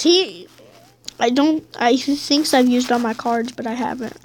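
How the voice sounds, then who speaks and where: Young female gamer, high voice, excitable casual commentary. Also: unhurried. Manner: excitable, bursts into high squeals and drops to mutters. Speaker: gameplay commentator.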